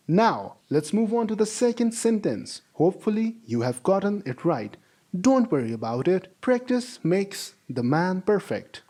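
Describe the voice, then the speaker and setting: A man teaching a language lesson, saying model sentences slowly for students to repeat and praising them. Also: high voice, warm tone. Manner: slow, drawn-out model sentences for repetition; encouraging, praises imagined students. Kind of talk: classroom-style language lesson.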